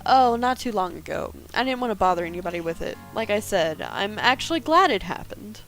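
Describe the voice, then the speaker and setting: A woman voicing a guarded, brooding woman in her thirties, reading her first-person narration and lines quietly and dryly in a game. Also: medium pitch, animated, fairly quick, faint music behind, lightly acted, poor audio.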